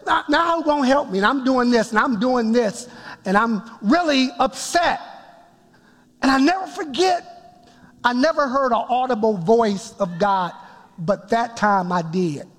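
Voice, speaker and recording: A man preaching a sermon, telling his story with emphatic build-ups that rise toward shouts. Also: very high-pitched, measured pace. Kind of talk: sermon testimony. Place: church sanctuary before a congregation. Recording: long reverb of a large hall.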